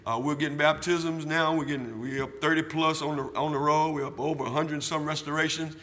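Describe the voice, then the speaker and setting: A man preaching a sermon in church, drawing call and response from the congregation, repeating himself and building from quiet talk to loud shouting. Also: a little high, steady tone, brisk, big-room sound. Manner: repetitive, asks the church for amens. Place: church sanctuary.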